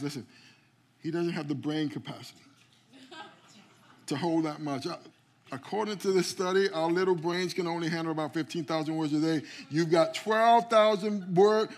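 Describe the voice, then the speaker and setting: A man preaching a sermon as pastor, calling out to the congregation and often repeating words as he starts a phrase. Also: high-pitched. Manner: preaching with call-outs to the congregation. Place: church sanctuary.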